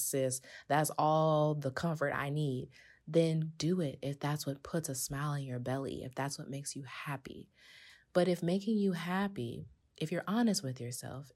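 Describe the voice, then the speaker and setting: A woman hosting a podcast, talking casually and with animation to her listeners. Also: deep voice. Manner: animated, conversational, addresses listeners as sis. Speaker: podcast host.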